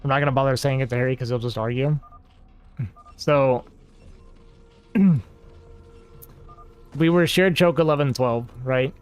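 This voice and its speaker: A man's voice: mid-range voice, fairly even intonation, unhurried, long pauses, clear, resonant tone, soft background music. A man hosting a livestream, talking casually and at length to his viewers and reading out their comments. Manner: rambling and talkative, reading chat aloud. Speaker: livestream host. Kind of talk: casual chat to a stream audience.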